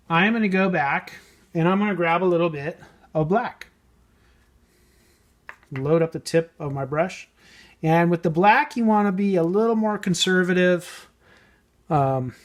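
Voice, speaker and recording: A man casually explaining a painting technique as he works, thinking aloud and sometimes trailing off softly. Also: on the high side. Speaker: model painting tutor. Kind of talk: casual hands-on painting tutorial.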